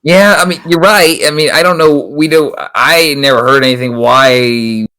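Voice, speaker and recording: A man co-hosting a racing talk show, chatting casually and reacting with quick exclamations. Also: fairly high pitch, steady tone, sharp tone, clean tone. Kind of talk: casual chat.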